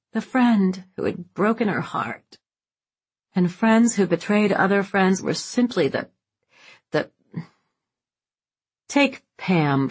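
A woman reading a literary novel aloud in scripted narration, husky and unhurried. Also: fairly low pitch. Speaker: audiobook narrator.

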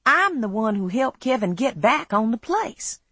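A woman's voice: fairly high pitch, sing-song, unhurried, sharp tone, husky, no room sound, voice pushed up, full character voice. A woman voicing a moody, controlling young man in an audiobook, speaking in a tense, clipped way. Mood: urgent. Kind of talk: audiobook character voice.

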